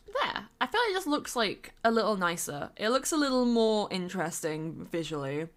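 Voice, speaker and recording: Woman streamer, chatty and rambling, animated pitch, middle register. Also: normal speed, few pauses. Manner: lively and rambling, with fillers and bits of humming. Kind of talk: casual chat while building in a game.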